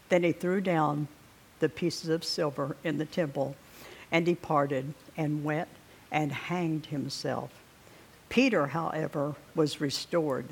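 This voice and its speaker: Slow, husky man reading scripture. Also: on the high side, steady tone. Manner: slow, deliberate reading, clears throat often. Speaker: preacher.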